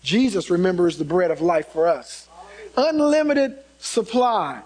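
A pastor preaches in a high, bright-pitched male voice. He presses his points by repeating single words and calling out to the congregation between thoughts. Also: fairly even intonation, brisk, low-quality recording. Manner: emphatic preaching, repeats key words, calls out "come on". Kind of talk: sermon.

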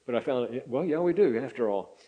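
An older man preaching a sermon in a folksy, halting way, with many fillers and restarts. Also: medium pitch, lively intonation, phone-quality sound. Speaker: pastor.

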